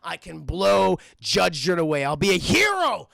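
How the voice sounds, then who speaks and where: A man's voice: high-pitched, wildly swooping pitch, unhurried, creaky, fairly bright tone, no echo, clean studio sound, heavily acted. A man voicing a sly, cornered male street criminal in a scheming mutter.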